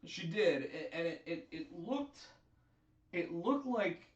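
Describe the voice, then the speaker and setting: A man's voice: sits high, slow pace. Guy chatting wrestling on a stream, kinda far from the mic, echoey, muffled. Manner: chatty, animated storyteller. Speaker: host. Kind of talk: casual wrestling chat on a live stream. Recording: echoey, distant, dull sound.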